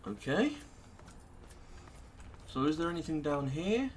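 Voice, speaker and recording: A man's voice: a little high, very animated, a little slow, slight background noise. A British man hosting a let's play, muttering casual gameplay commentary in a sarcastic manner and swearing freely. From Britain.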